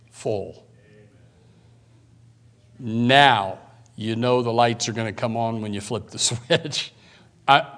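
Pastor guy preaching, slow scripture reading, loud outbursts then quiet again. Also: mid-range voice. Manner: emphatic preaching with sudden loud bursts and drawn-out scripture reading. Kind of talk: sermon.

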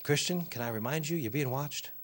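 A man preaching a sermon, emphatic and animated, addressing the congregation directly. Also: on the high side, brisk.

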